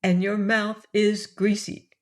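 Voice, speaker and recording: A shy, devoted young secretary from a storybook speaks earnestly and stammers when she is flustered, as a woman reads her. The delivery is slow and even. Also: medium pitch, pitched above the performer's own voice, close to an everyday voice. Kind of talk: audiobook character reading.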